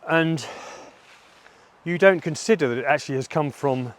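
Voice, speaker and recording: A middle-aged man speaking in a personal vlog monologue, candid and self-reflective with a halting delivery. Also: a little high. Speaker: vlogger.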